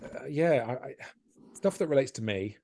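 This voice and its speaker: A man, a stand-up comedian, talking candidly and self-deprecatingly in a podcast interview, animated and often laughing. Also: mid-range voice, moderate pace, slight background noise.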